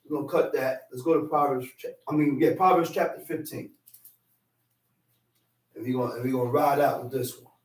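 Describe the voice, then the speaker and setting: A man teaching scripture in a lively way, acting out quarrels with shouts and repeating phrases for emphasis. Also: medium pitch, fairly quick, long pauses, echoey room, recorded from a distance. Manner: animated, acts out quarrels with shouting. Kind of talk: street-corner Bible teaching.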